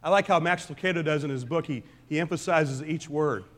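A pastor preaching a conversational sermon, swinging between loud emphasis and quiet asides. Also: male voice, fairly high pitch, fairly quick. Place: church sanctuary.

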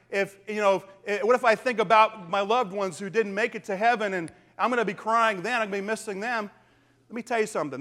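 A man preaching a sermon as a pastor, swinging from hushed whispers to loud, emphatic declarations. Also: sits high. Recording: long reverb of a large hall.

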